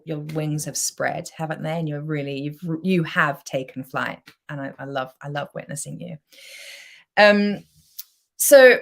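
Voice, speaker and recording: Woman, low voice, self-love coach, live-stream pitch, effusive, chatty. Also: gravelly. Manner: effusive, chatty, reads out viewer comments.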